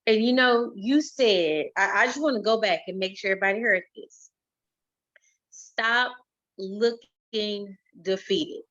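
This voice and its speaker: A woman podcast host in a conversational interview, her voice at a middling pitch. She nudges her guest along with mm-hmms and careful follow-up questions. The audio sounds dull and lo-fi. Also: animated, brisk, a bit bright. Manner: encouraging, asks probing follow-up questions, frequent mm-hmm.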